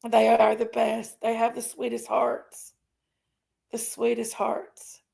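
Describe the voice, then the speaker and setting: A woman's voice: on the high side, completely flat delivery, slow pace, gravelly, a little mellow. A woman chatting casually on a livestream, reading out viewer names and thanking members. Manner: reads out viewer names, thanks members, vents about her sister. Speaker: livestream host.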